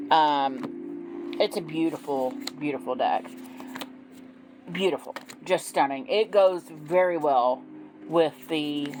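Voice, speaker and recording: A woman's voice: sits low, poor audio. A woman chatting casually as she shows her new tarot decks, gushing and rambling with many ums. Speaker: tarot deck reviewer. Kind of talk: casual unboxing chat. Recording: background music playing.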